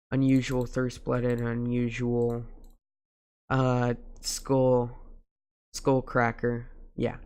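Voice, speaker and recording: A man's voice: mid-range voice, a little mellow, clear, resonant tone. A man casually talking over a screen recording, rambling through a story with restarts. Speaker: gaming video creator.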